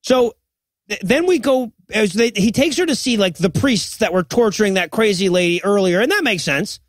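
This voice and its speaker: A man with a high voice recaps a film's plot for a comedy podcast. He swears freely and acts out the characters' lines. The recording is dry and close. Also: normal speed, no room sound. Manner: profane, animated retelling with quoted voices. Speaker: podcast co-host. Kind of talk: comedic movie recap chat.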